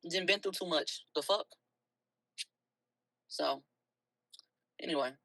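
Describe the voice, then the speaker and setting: A woman hosting a livestream, talking bluntly and with a lot of profanity, soft and tearful at times and then loud again. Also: low voice, slow, no room sound, low-quality recording. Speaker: livestream host. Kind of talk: emotional early-morning livestream rant.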